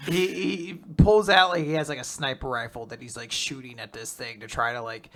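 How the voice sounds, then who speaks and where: A man co-hosting a podcast, chatting casually and retelling a story with quick character voices and frequent laughs. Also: mid-range voice, fairly even intonation, fairly bright tone. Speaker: podcast co-host recapping manga. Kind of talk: casual chat.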